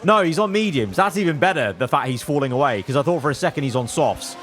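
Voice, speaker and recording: A young man giving live commentary over his own racing management gameplay. He talks to his drivers as he plays, swinging from low muttering to loud outbursts. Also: expressive, fast. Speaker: gaming video creator.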